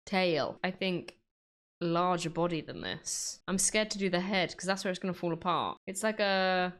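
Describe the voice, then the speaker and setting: A woman's voice: on the low side, normal speed, a bit bright. A woman chatting casually to herself as she draws, in a self-mocking, rambling way. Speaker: artist and video creator. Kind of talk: casual commentary while drawing.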